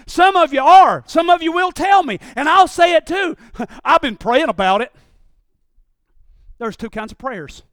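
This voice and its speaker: Guy pastor preaching, really high voice, goes from shouting to mumbling, dry close sound. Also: big pitch swings, unhurried, long pauses, no echo. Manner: swings from shouting to low murmurs, mimics congregation. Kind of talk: sermon.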